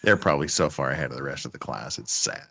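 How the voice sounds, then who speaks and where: A man hosting a casual live stream with guests. He jokes and banters, and his voice is relaxed and low today. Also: fast, vocal fry. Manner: joking, banters with guests, jumps between high and low. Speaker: host.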